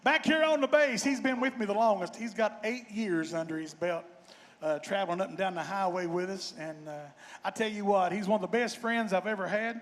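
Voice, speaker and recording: A man speaks as a bandleader on a festival stage, folksy and joking. His voice sits fairly high. The stage microphone carries it into a long, ringing reverb. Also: brisk, soft background music. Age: 50s. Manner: folksy, joking, warm-hearted. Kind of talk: stage banter and storytelling.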